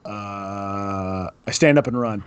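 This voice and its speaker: A man's voice: fairly low pitch, takes it slowly, dull audio, noisy background. A man joking wryly as a player in a tabletop game. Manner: joking, wry. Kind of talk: casual tabletop play.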